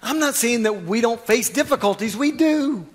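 A man preaching a sermon as pastor, swinging from quiet asides to loud, fervent exhortation. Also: very high voice, lively intonation, moderate pace, long reverb tail.

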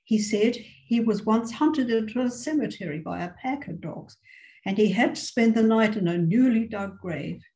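A woman reading aloud as a calm young niece telling a grim tale, with a slightly gravelly voice. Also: on the high side, normal speed, lightly acted, rough recording. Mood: eerie, earnest.

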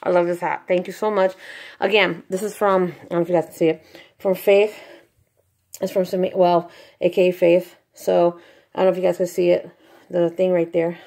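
A young woman vlogging an unboxing, excited and gushing, thanking the sender over and over. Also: on the low side, moderate pace, vocal fry. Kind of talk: casual unboxing vlog.

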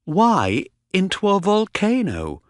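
A man reading an audiobook voices a calm young woman traveler who speaks quietly and teases her companion. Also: high-pitched, slow, smooth, dry recording, studio quality, pitched above the performer's own voice, full character voice. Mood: teasing. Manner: quiet, teasing.

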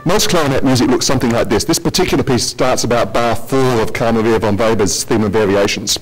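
A man's voice: medium pitch, quick pace, soft background music. A man presenting a technical conference talk in a lecture hall, with joking asides to the audience.

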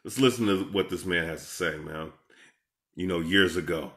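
A man's voice: sits low, moderate pace, a bit bright. A man giving heated, profane reaction commentary as an online preacher, confronting and scolding his rivals. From Seattle, USA.

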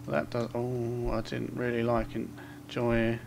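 A man with a gravelly, creaky edge to his mid-range voice, talking his way through a horror game. He mutters asides under his breath and rattles off in-game notes in fast bursts, with a faint hum running behind him. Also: mid-range voice, completely flat delivery. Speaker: gameplay commentator.

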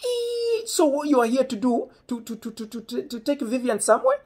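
A man voicing an eager older father who fusses with excited exclamations and stammered repeats. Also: very high voice, fairly quick, a crowd in the background, pitched above the performer's own voice. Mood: excited fussing.

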